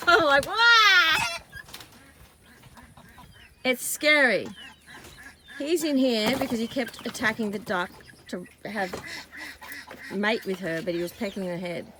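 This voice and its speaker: A rambling, chatty woman, talking to the camera outside a backyard coop at a middle pitch. She coos fondly at the animal now and then. Loud clucking chickens and clicking fill the background of this phone recording. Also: lively intonation, normal speed, noisy background. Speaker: vlogger, backyard chicken keeper. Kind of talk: casual chat to camera.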